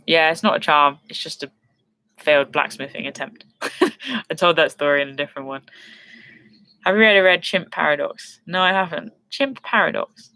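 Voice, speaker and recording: A woman's voice: sits low, expressive, normal speed, sharp tone. A young woman hosting a casual live stream, reading viewer questions and chatting with frequent laughs. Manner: chatty, self-deprecating, laughs often.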